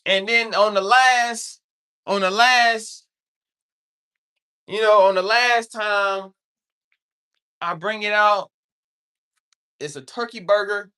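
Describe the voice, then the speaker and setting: A livestreamer meanders through casual chat, frequently turning to viewers and saying "you know what I'm saying" repeatedly. The medium-pitched voice is smooth yet sharp in tone, fairly even in intonation, and slow, with long pauses.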